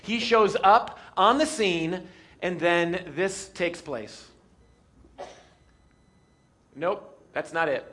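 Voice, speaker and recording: Male pastor, high voice, playful sermon delivery that leans on jokes and acted-out bits. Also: extremely slow, pauses often. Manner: lively, joking, acts out scenes.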